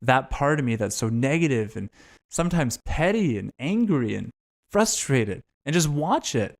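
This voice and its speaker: A man's voice: mid-range voice, very animated, moderate pace, gravelly. A man, a podcast guest telling candid, profane, self-reflective stories in casual conversation.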